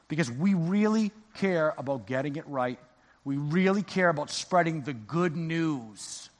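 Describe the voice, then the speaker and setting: Fired up pastor guy preaching, pretty high voice, long echo trailing off in the church. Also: fairly bright tone. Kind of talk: sermon. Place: church sanctuary.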